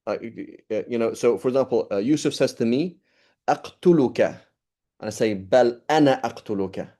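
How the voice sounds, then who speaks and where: Guy leading a quran study class, warm low-key tone, keeps asking "right?". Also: fast. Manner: explanatory, checks in with "right?" often. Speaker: Quran teacher.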